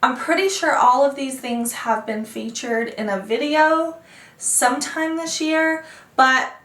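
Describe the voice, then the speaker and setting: A woman's voice: high voice, a little slow, fairly bright tone, echoey room, far from the mic. A woman vlogging about makeup, chatting animatedly and playing out her own reactions. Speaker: beauty vlogger. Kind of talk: casual makeup review. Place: makeup room at home.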